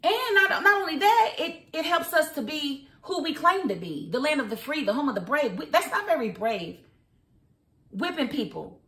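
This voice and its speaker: A woman's voice: high-pitched, very animated, moderate pace, fairly bright tone. An American woman giving outspoken, opinionated news commentary, full of rhetorical questions. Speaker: vlogger and commentator. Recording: roomy echo.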